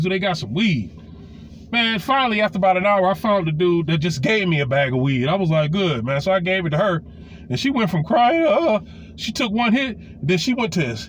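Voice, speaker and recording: A man in his forties spins a raunchy story from his own life in a loose, profane storytime monologue, peppered with fillers and restarts. For a man his voice runs high, and its pitch swings widely as he gets worked up. A faint hiss sits beneath the recording.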